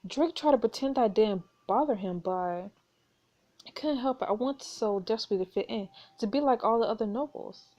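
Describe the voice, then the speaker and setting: A woman's voice: fairly high pitch, fairly quick, muffled recording, lightly acted. A woman voicing a young noblewoman in a story game, confiding her worries about her fiancé in an earnest way. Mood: wistful.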